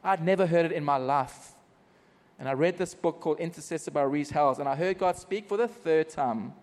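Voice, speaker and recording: A man's voice: fairly high pitch, brisk, darkish tone, long reverb tail. A South African man preaching a personal testimony at a church service, telling his story animatedly with self-mocking humor.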